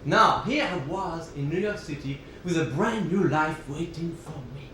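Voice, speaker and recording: A man's voice: fairly high pitch, expressive, moderate pace, slight background noise. A man from Switzerland with a French accent, performing a one-man musical comedy show with wry storytelling. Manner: wry storytelling between songs, sung tango with piano. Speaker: cabaret performer. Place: theater stage. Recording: roomy stage sound with loud piano.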